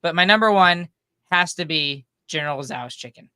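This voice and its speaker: A male podcast co-host in casual chat, with a smooth, clear and bright voice. He laughs easily and stops to restart his sentences. The recording is close and dry. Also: on the high side, expressive, moderate pace, no room sound.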